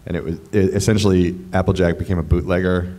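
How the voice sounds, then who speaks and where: A man TV writer on a convention panel, pitching an idea eagerly with dry, wry humor. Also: little pitch movement, fast, noisy background. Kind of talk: panel discussion.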